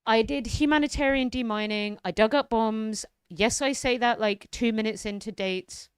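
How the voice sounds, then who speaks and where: A woman's voice: fairly high pitch, moderate pace, clear, resonant tone, no room sound, studio quality. A young woman streamer ranting animatedly about politics, swearing freely and talking to her chat by name. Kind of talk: casual political rant on stream.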